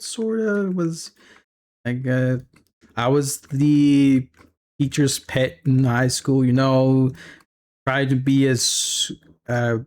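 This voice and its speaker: A man's voice: mid-range voice, a little mellow. A man chatting casually on a live stream while working, rambling through stories and laughing often. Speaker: streamer and 3D artist.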